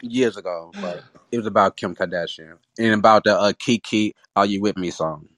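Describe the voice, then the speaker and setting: A man's voice: on the low side, moderate pace, a bit bright. A man in a casual online chat, blunt and argumentative, speaking informally. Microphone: online audio room.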